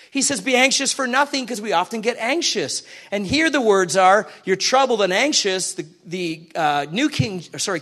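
A man with a high voice delivers a sermon in a church. He talks in a casual, animated way and keeps putting questions to the people listening. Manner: conversational, animated, asks the congregation questions. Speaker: preacher.

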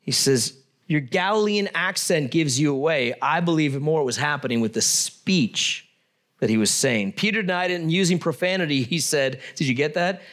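A man's voice: fairly high pitch, expressive, normal speed, a bit bright. A middle-aged man preaching a sermon, reading scripture aloud and adding conversational, joking asides. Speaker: pastor.

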